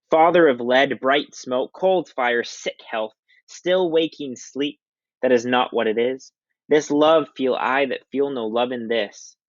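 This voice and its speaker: A man voices a heartbroken young nobleman who drags out every line of verse, slow and sighing, pitched well above his usual voice. The sound is dull and lo-fi with a dry, close feel. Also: dry recording, lightly acted. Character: young lovesick male nobleman, melodramatic.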